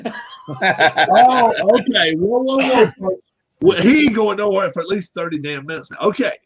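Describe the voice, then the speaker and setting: High-pitched guy teasing his friend, folksy and joking. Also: expressive, a loud crowd. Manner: needling, folksy, quick to laugh. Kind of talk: casual banter.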